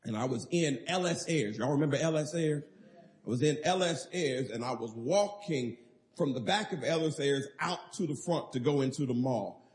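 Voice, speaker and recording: A man's voice: medium pitch, moderate pace. A man preaching a sermon as pastor, emphatic and calling for responses from the congregation.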